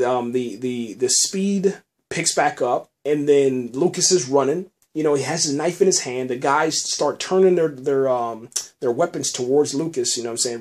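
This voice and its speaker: A man hosting a podcast, recapping a TV episode in an excited, casual way, often chuckling and saying "man" between phrases. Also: a little high. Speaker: podcast host reviewing a TV episode.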